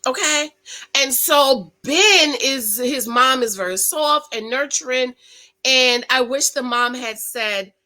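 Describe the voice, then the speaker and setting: A woman's voice: mid-range voice, bright, forceful tone, low-quality recording. A middle-aged woman, chatting casually as a show recap host, emphatic and preachy, talking straight to her viewers. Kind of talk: casual chat.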